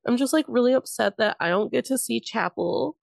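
A woman in casual podcast conversation, animated and quick to laugh, who swears casually and slips into quick impressions of people. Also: a little high, creaky, no echo, studio quality.

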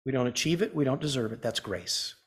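A man preaching a sermon as pastor. He asks the congregation questions and swings from loud, urgent emphasis to a hushed softness. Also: medium pitch, animated, fairly quick, breathy edge.

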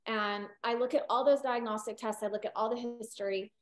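A woman's voice: a little high, fairly even intonation, brisk. A middle-aged woman veterinarian from California, chatting in an interview, rambling with many fillers and restarts. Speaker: holistic veterinarian guest. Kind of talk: casual interview conversation.

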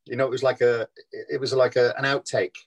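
A man's voice: mid-range voice, flat delivery, brisk, low-quality recording. An older man with a Liverpool Scouse accent, an actor guest in a casual interview, telling chatty anecdotes and laughing at his own tales.

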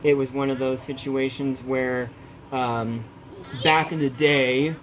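A man's voice: mid-range voice, level tone, slow, fairly bright tone, slight background noise, poor audio. A man chatting casually as co-host of a video, rambling and playful, slipping into silly voices. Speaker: co-host, vlogger's husband. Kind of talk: casual chat.

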